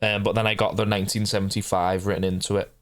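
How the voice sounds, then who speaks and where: Young man streaming, low smooth voice. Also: level tone, quick pace, no echo. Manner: swears and shouts at game characters. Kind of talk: casual gameplay chat with viewers.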